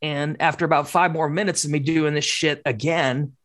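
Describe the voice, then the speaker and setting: A woman telling a personal story in casual conversation, swearing often and talking in an animated, candid way. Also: deep voice, normal speed. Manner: swears constantly, animated, acts out quoted dialogue.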